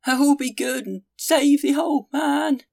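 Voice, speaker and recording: A shrieking old carter. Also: male voice, unhurried, gravelly, a little mellow, full character voice. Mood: pleading. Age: older. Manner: shrill pleading cries. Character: old male carter, crushed and desperate.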